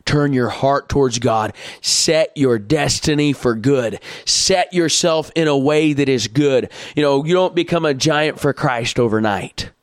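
A man preaching a sermon, folksy and plainspoken, building to loud exhortation. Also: medium pitch, a little slow, no room sound, clean studio sound. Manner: rises from calm teaching to loud shouted exhortation; folksy farm imagery, plainspoken.

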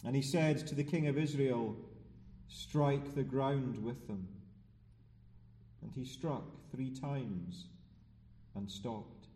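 A man preaching a sermon in a church, reading scripture aloud and then explaining it in a measured, solemn way. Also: mid-range voice, mellow, distant mic, slight background noise. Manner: slow, measured, solemn delivery. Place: church sanctuary. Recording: reverberant church hall.

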